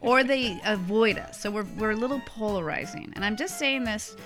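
A woman's voice: mid-range voice, moderate pace, music in the background. A middle-aged woman co-hosting a podcast, telling a travel story in a rambling, chatty way and laughing often. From United States. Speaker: podcast co-host. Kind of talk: casual chat, travel storytelling.

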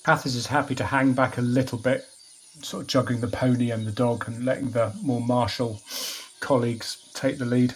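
A man's voice: mid-range voice, fairly even intonation, normal speed, slight background noise. A man playing a tabletop game, talking casually and checking details with the game master. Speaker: player.

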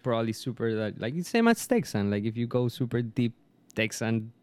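A man whose first language is Spanish, chatting casually in English and often pausing to search for words. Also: medium pitch, very animated, a little mellow, clear, resonant tone. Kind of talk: casual chat.

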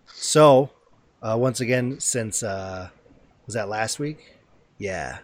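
Joking, teasing podcast host. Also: male voice, lowish voice, slow. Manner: joking, teasing, trails off and restarts. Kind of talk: casual podcast chat.

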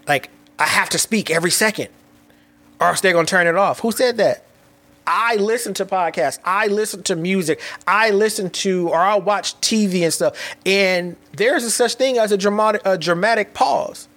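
A man talking on his own podcast, reflecting out loud in a quick, restless way, often repeating words and dropping slangy asides. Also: high-pitched. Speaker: podcast host. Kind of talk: reflective solo podcast monologue.

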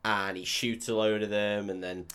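A man's voice: on the low side, little pitch movement, normal speed, a bit bright, clean tone. A man, co-hosting a podcast in casual chat, recapping a film, swearing freely and acting out the characters. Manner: swears freely, acts out characters, laughs often.

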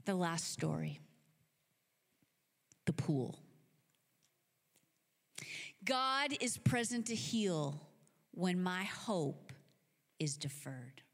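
Animated woman preacher telling stories. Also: fairly low pitch, very slow, pauses often. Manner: animated, casual, lots of filler words. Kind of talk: sermon storytelling. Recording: long hall reverb.

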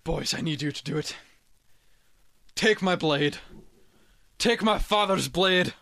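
A dying old Scottish warrior rallies his comrades with rousing, rising cries, as a man puts on the accent. The voice sits high and bright, straining louder as it pushes on. Gruff, weary, and defiant, straight out of a comic campfire tale. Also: takes it slowly, exaggerated voice. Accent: put-on Scottish. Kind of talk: improvised comic storytelling.

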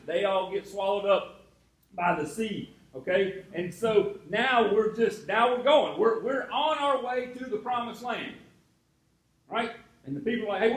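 Male pastor, high voice, chatty sermon with asides, roomy echo. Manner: conversational preaching with asides to the congregation.

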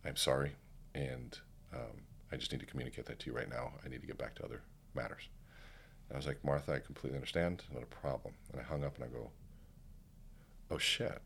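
A man's voice: a bass voice, fast talker, creaky, a little hiss or hum. A man telling a story in casual conversation as a podcast guest, acting out what people said. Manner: animated, acts out quoted dialogue. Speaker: podcast guest, keynote speaker.

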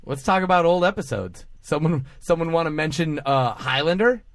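A man's voice: fairly high pitch, animated, moderate pace, dry recording, studio quality. A man co-hosting a comedy podcast, teasing and chiming in casually. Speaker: podcast co-host.

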